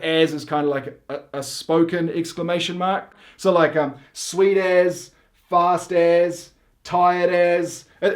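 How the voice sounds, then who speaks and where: Middle-aged New Zealand man, comedic host; rambling deadpan explainer who keeps sidetracking himself, slightly raised pitch. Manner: rambling, full of filler words and self-interruptions.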